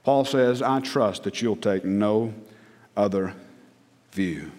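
A man preaching a sermon as pastor, emphatic, surging to loud peaks and dropping to hushed lines. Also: on the low side, slow. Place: church sanctuary. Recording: long church hall reverb.

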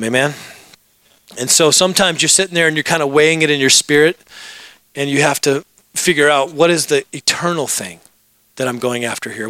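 A man's voice: mid-range voice, bright, forceful tone, dry recording. A middle-aged man preaching as pastor, telling stories and joking with the congregation. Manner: storytelling, joking asides with the congregation. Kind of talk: sermon.

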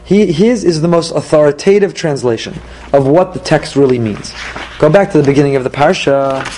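A man teaching a Torah class, animated, asking questions and answering them himself. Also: fairly high pitch, a little fast, slight background noise, poor audio.

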